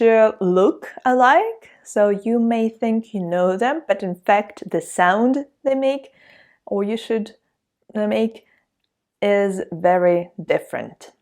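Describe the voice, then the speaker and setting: Slow, encouraging Russian woman teaching. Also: medium pitch, darkish tone. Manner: patient, encouraging, reads words slowly for repetition. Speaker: language teacher. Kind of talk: online language lesson.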